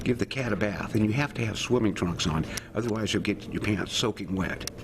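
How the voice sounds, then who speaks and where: A man hosting a casual home video, chatting to viewers as folks and talking softly to his cat, filmed on a camera held by his wife. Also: fairly low pitch, a little fast, background noise. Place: at home, partly in sunlight.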